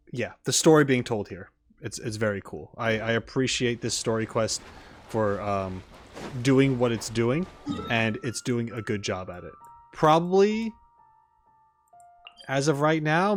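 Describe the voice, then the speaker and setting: A man commenting casually on a video game as he plays, rambling with frequent restarts. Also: mid-range voice. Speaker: gaming streamer. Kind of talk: casual let's-play commentary.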